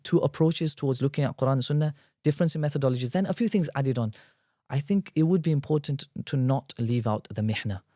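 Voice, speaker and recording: A man, a guest scholar, explaining at length in a podcast discussion, quick and animated, weaving in Arabic terms. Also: mid-range voice, no room sound, clean studio sound.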